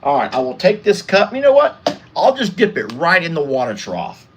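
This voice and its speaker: A man's voice: on the high side, sing-song, normal speed, noisy background. A man with a Southern US accent, chatting folksily to viewers in a casual outdoor ranch vlog. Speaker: ranch vlogger. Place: outdoors on a farm pasture.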